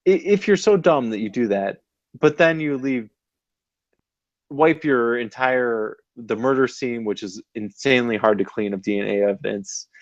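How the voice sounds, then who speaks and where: A man co-hosting a podcast, chatting casually in an animated, rambling way with lots of fillers, a little tipsy. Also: fairly low pitch, dry recording, muffled recording. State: slightly tipsy. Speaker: podcast co-host. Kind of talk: casual chat.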